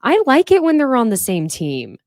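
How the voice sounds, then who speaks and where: A woman's voice: moderate pace, dry recording, clean studio sound. Sassy woman recapping reality TV. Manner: animated, sassy commentary with exaggerated pitch jumps. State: sniffly from allergies. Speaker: podcast host.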